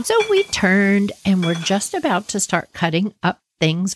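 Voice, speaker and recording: A woman hosting a storytelling podcast, telling a personal story in an animated, giggly, expressive way. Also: on the low side, measured pace, hardly any pauses, a little hiss or hum. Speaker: podcast host.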